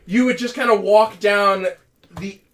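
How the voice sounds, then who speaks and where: A man's voice: high-pitched, fairly even intonation, a little slow, fairly bright tone, reverberant. A man co-hosting a podcast in casual chat, joking and rambling through half-finished thoughts. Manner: rambling, joking, trails off and restarts. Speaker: podcast co-host.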